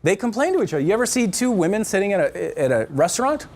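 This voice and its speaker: A middle-aged man teaching a marriage class at a church, lecturing in an animated, joking way and acting out quotes in voices. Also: high-pitched, quick pace, slight background noise. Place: church classroom with a live group.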